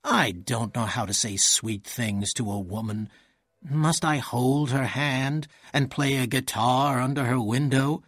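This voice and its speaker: A man reading an audiobook, voicing a tired, languid young nobleman in a raised, husky voice. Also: a little slow, a bit bright, no room sound, clean studio sound. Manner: tired, languid, higher put-on voice. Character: weary idle young nobleman.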